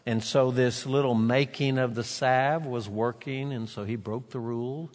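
A man preaching a sermon, retelling a scripture story with animated voices for the characters. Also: medium pitch, unhurried. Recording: long reverb of a large hall.

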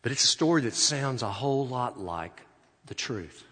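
A male preacher tells a sermon story, rising loud and then dropping to a hush. His mid-pitched voice echoes through a large church hall. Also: animated, moderate pace. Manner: dramatic storytelling, swinging between loud and hushed.

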